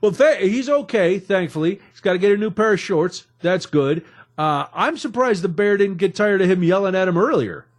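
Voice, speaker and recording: High-voiced jokey male radio host. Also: expressive, normal speed. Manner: jokey, rambling storyteller. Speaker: radio talk show host. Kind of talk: casual radio banter and news recap. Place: radio studio.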